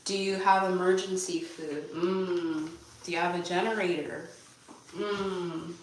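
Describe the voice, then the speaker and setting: A young woman with a Californian accent chatting casually while she cleans her bathroom, rambling and answering viewer questions out loud. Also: on the low side, steady tone, unhurried, distant mic, a little hiss or hum. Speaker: vlogger. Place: bathroom at home. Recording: echoey bathroom, voice from afar.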